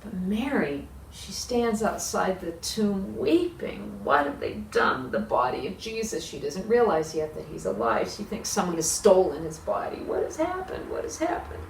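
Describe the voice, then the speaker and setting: A woman leading children's worship, telling a Bible story with big expressive swings, recorded in a roomy space from a distance. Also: mid-range voice, normal speed, vocal fry, few pauses. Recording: echoey room, distant mic, faint hiss.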